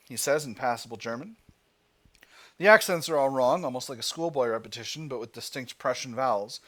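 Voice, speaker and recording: Casual game commentator, male, lively pitch, thinks aloud with filler words. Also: a little fast. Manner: thinks aloud, reads game text aloud with hesitations. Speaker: gaming channel host.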